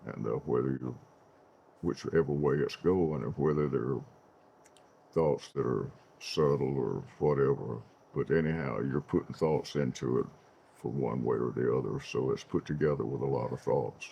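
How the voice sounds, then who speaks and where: An older man, a guest talking slowly and reflectively about painting. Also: rumbling low, creaky, dark tone, breathy edge, lo-fi sound. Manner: slow, reflective, trails off. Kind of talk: casual conversation.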